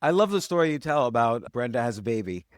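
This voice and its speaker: A man's voice: mid-range voice, sing-song, quick pace, smooth, dry recording, clean studio sound. Man interviewing in a thoughtful way. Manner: thoughtful, searching for words, restarts. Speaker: podcast host. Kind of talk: interview questions and comments.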